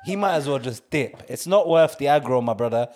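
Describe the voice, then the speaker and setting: A man, chatting casually on a podcast, slangy and animated, often mimicking others. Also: medium pitch, brisk. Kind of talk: casual chat.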